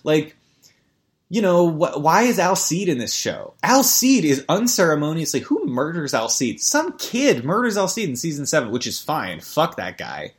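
A man's voice: medium pitch, big pitch swings, a little fast. A man hosting a podcast in a rambling, stammering comic rant full of swearing and restarts. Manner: rambling, stammering, profane, jumps to mock ad reads. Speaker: podcast host. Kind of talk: rambling comedic podcast chat.

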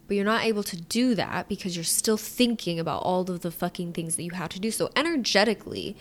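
A woman hosting a solo podcast, talking in a casual, frank way, swearing freely and sometimes dropping into quiet asides. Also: lowish voice, fast, hardly any pauses. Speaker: podcast host.

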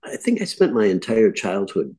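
A man's voice: fairly low pitch, big pitch swings, moderate pace, a little mellow, slightly rough. A man who is an actor guest, reminiscing in a reflective, casual interview conversation. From grew up on a farm.

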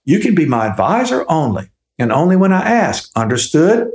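A man's voice: fairly high pitch, sing-song, moderate pace, a little mellow, voice pushed up. A man voicing an earnest, defiant young boy who speaks emphatically. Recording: echoey room.

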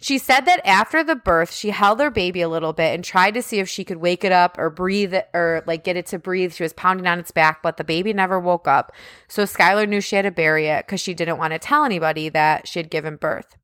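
A woman's voice: on the low side, a little fast, a bit bright, no echo, studio quality. A woman co-hosting a podcast, retelling a criminal case in casual chat, full of "like" fillers and indignant asides. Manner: chatty, heavy use of "like" as a filler. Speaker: podcast co-host. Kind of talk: casual true-crime chat.

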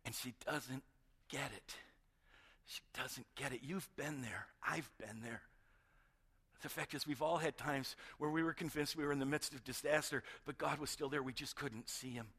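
A middle-aged male pastor preaching a sermon, retelling a story with hushed moments and emphatic build-ups. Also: mid-range voice, moderate pace, slightly rough. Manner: animated storytelling, swings between hushed and emphatic.

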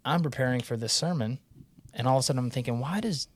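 A man's voice: mid-range voice, fast, breathy edge, no room sound. A man in his thirties, a pastor, telling a story in a casual podcast chat and acting out his own reactions. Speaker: pastor who preached the sermon.

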